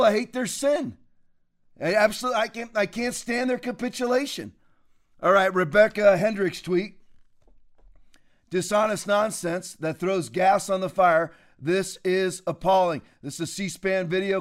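A man with a high-pitched voice delivering fiery, preachy political commentary. He rants with sudden loud bursts and heated conviction. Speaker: commentary show host.

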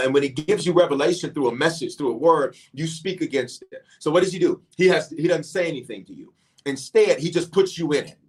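Fervent man preaching a prayer sermon. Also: on the high side. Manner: fervent, repetitive, calls out "watch me" and "y'all". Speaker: pastor leading online prayer. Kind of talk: preaching and praying to an online audience.

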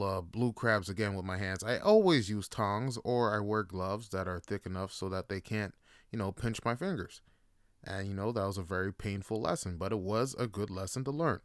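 A man hosting a show, telling stories in a relaxed, profane way with lots of fillers. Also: fairly low pitch, smooth, no echo, clean studio sound. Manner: laid-back, profane, full of fillers like "like". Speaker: podcast host. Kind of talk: casual storytelling monologue.

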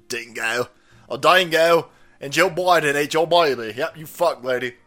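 Give me a foul-mouthed male commentary host, rambling and mocking, a bit high-pitched, over faint music. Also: unhurried. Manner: foul-mouthed, rambling, mocking, swings between loud and muttered. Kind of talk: profane comedic commentary.

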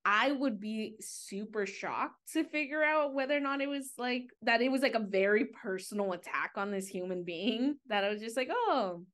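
A woman's voice: on the high side, moderate pace, few pauses, a bit bright. A woman co-hosting a casual podcast, talking chattily and filling her sentences with "like". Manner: chatty, many "like" fillers. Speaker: podcast co-host.

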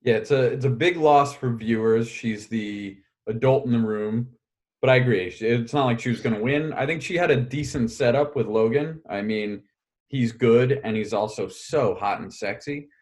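A man co-hosting a casual reality TV recap podcast, relaxed and joking. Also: mid-range voice, moderate pace. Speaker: podcast co-host.

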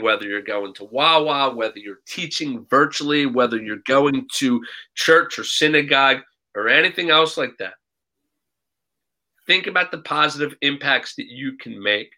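A man with a very bright, tense voice speaks with earnest conviction. He drives his points home by repeating them. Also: medium pitch, rough recording. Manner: emphatic, repeats for emphasis. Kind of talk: earnest advice.

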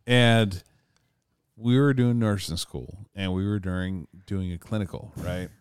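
A man chats on a podcast in a low, smooth, clear voice, swearing casually as he tells a story. He sounds easygoing and jokes along with his co-host. The mic is close and dry. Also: a little slow, dry recording. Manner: profane, laid-back, laughs along.

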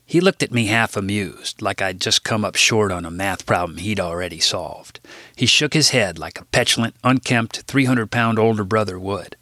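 A man reading his own book aloud in a wry, deadpan narration. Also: on the low side, moderate pace, dry recording, studio quality. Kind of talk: audiobook narration.

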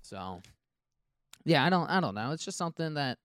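This podcast host's voice sits on the high side, sing-song, fairly bright, clear and resonant, moving at normal speed. Hosting a casual show, he rambles, jokes, and keeps interrupting himself to restart sentences.

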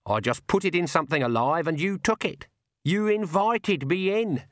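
A man's voice: fairly high pitch, normal speed, no echo, pitched above the performer's own voice. A man voicing a stern shrewd old witch woman. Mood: calm, cutting. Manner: dry, calm, cutting.

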